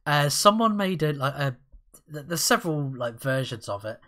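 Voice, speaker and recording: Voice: mid-range voice, sing-song, moderate pace, bright, forceful tone. Giggly rambling podcast co-host. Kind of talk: casual chat.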